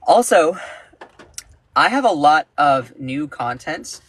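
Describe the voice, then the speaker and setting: A man giving casual, indignant political commentary on a livestream, emphatic, with sudden jumps in pitch. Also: big pitch swings, takes it slowly, a bit bright. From United States.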